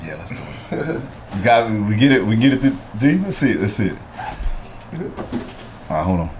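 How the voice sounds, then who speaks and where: A man's voice: on the low side, expressive, moderate pace, noisy background. A male podcast host chats casually, swearing and urging his guest on. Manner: casual, swears, laughs along. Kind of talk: casual chat.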